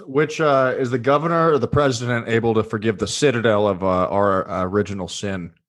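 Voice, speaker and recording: A man takes part in a casual talk among friends, chiming in with short, sardonic comments. His voice sits somewhat low. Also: fairly even intonation, fairly quick. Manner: wry, sardonic asides.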